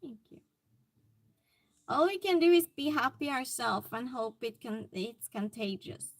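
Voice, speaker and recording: High-voiced, unhurried woman streamer. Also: expressive. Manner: chatty, reacting to chat comments aloud. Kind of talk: casual live-stream chat.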